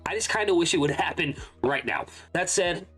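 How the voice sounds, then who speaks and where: A man's voice: on the high side, animated, a little fast, fairly bright tone, husky, soft background music. A young man hosting a casual manga reaction, talking in a chatty, rambling way and often correcting himself mid-sentence. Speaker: channel host.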